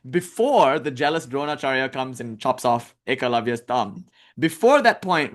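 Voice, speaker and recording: A man giving a casual, conversational talk as a spiritual teacher, telling stories with lively asides and filler words. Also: mid-range voice. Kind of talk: casual lecture.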